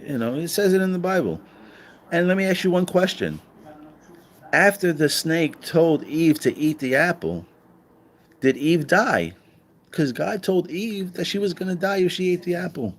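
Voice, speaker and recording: A man giving a casual livestream monologue, animated and profane, firing off rhetorical questions and acting out quoted voices. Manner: acts out quoted voices with higher pitch. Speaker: online commentator.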